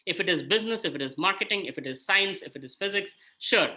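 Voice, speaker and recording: A man's voice: high-pitched, lively intonation, fast talker, pushed and bright. A man gives an informal scripture talk as a spiritual mentor, chatting and often checking in with "right?". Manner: conversational, frequent "right?" check-ins.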